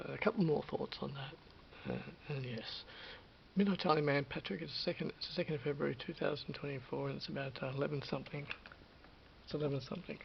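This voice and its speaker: Gravelly, rambling Australian man in his fifties. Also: on the high side. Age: 50s. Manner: rambling, repeats himself, many restarts. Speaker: vlogger. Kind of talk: rambling monologue. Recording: dull lo-fi with hiss.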